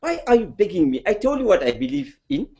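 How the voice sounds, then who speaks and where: A man's voice: high-pitched, big pitch swings, quick pace, darkish tone, lo-fi sound. A male preacher voicing a stubborn grown man who refuses to believe, speaking bluntly.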